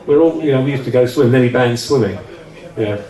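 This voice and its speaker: A man's voice: mid-range voice, a little fast, mellow. Chatty man reminiscing, roomy and distant. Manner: rambling, chatty, with frequent restarts and laughs. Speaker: interview guest, former offshore radio DJ. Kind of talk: casual recollection on stage interview. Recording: roomy sound from a distant mic.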